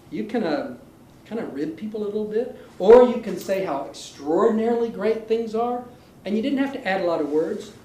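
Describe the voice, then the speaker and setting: Lively, playful male Spanish teacher. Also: high voice. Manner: animated, playful, acts out little scenes. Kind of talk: classroom lesson. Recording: echoey room with faint noise.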